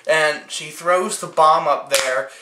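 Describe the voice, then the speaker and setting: A man with a bright, fairly high voice recaps a film in a loose, rambling way and keeps asking rhetorical questions. The sound is roomy and echoey. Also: steady tone, takes it slowly. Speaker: host. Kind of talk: casual movie review chat. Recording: echoey room.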